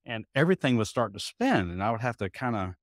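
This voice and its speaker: A man's voice: on the low side, fast, no echo. Folksy man in his fifties, close and dry. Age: 50s. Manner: animated storyteller acting out quoted dialogue; folksy, repeats words while thinking. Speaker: interview guest. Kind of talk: casual storytelling interview.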